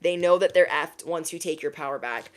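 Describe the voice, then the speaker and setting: A woman's voice: low-pitched, fairly quick. Chatty woman giving a tarot reading. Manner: chatty, animated quoted voices, laughs at own jokes. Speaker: tarot reader. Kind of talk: casual channeled reading.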